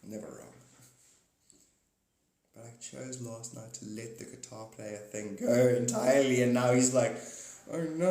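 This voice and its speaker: A man's voice: medium pitch, darkish tone. Rambling man in a roomy echo. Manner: meandering, playful wordplay, frequent chuckles; speaks straight to viewers by name. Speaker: live stream host. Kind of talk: rambling spiritual live chat.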